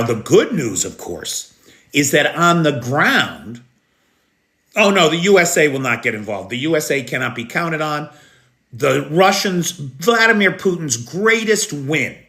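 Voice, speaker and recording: An American man delivers live news commentary and takes viewers' questions. His voice is bright and forward, and he speaks slowly, leaning hard on key words with indignant emphasis and the odd sarcastic jab. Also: mid-range voice. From United States.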